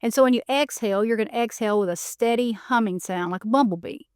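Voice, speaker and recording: A woman hosting a podcast, calmly guiding listeners through breathing exercises with a coaching manner and frequent "you know" and "okay". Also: a little high, quick pace, clear, resonant tone, dry recording, studio quality. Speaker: podcast host. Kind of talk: guided breathing instruction.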